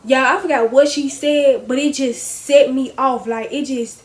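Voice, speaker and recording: Young woman, high voice, chatty storytime vlogger; animated, talks straight to viewers. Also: measured pace. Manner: animated, chatty, addresses viewers as y'all, laughs often. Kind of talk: casual storytime chat to viewers.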